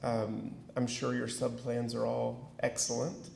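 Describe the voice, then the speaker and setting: Man, rural Texas accent, middle-aged, keynote speaker, folksy self-deprecating banter, slow unhurried delivery, echoey hall. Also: mid-range voice, flat delivery, creaky, a little mellow. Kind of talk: keynote speech with audience banter. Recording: echoey hall with faint noise.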